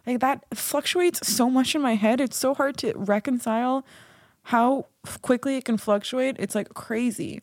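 A woman's voice: a little high, moderate pace, darkish tone, no room sound, clean studio sound. A woman hosting her own podcast, talking candidly and casually, swearing freely and poking fun at herself. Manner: frank, swears freely, self-mocking. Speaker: podcast host.

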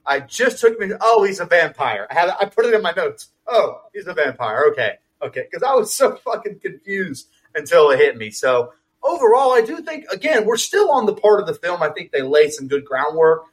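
A man co-hosting a film review podcast, chatting casually with lots of swearing and quick asides. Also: high voice, sing-song, husky, low-quality recording. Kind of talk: casual chat.

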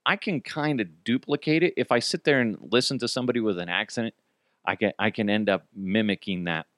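A man's voice: on the low side, a little fast, a bit bright, dry recording, clean studio sound. A man in his thirties hosting a podcast, telling a story in a rambling, self-deprecating way and swearing freely. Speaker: podcast host. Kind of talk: casual storytelling monologue.

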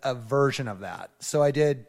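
A man's voice: medium pitch, moderate pace, big-room sound. A man co-hosting a casual podcast chat, joking and self-mocking as he talks. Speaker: podcast co-host. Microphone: studio microphone, close.

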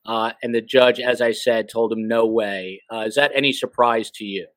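A man's voice: mid-range voice, fairly even intonation, moderate pace, no room sound, low-quality recording. A middle-aged man from New Jersey hosting a podcast in a casual, joking way with rambling asides. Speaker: podcast host.

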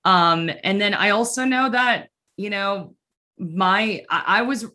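A woman from the United States telling stories in an animated, chatty way, full of fillers, in casual conversation. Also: mid-range voice, takes it slowly. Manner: chatty, animated storytelling full of "like" and "you know".

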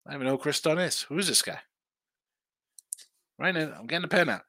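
Guy running a live betting stream, bright tense voice, dry close mic, chatty and loose. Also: a little high, lively intonation, quick pace, no echo. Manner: loose, chatty, banters with chat. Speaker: sports betting show host. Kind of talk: live-stream chat, reading viewer comments.

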